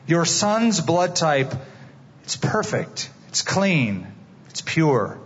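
A man voicing a gray-haired elderly doctor who speaks in a low, solemn, apologetic way. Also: very animated, extremely slow, fairly bright tone, slightly rough, full character voice. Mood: earnest. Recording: dull, reverberant hall.

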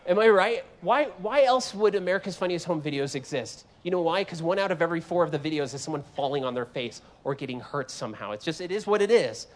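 A man preaching a sermon in an animated, joking way, acting out voices from the scripture he reads. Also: fairly high pitch, fast talker, few pauses. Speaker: guest preacher.

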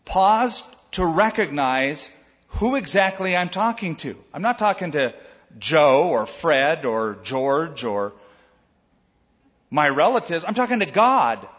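An older man preaching a sermon as pastor, in a conversational, animated way with asides to his listeners. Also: sits high, big-room sound, lo-fi sound.

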